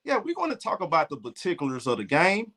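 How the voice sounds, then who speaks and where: Man parodying a prim TV basketball analyst: slow, stiff, over-proper, Southern accent showing through. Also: on the high side, wildly swooping pitch, fairly bright tone, heavily acted. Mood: mock-formal. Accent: Southern US, Alabama. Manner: slow, stiff, overly polished delivery.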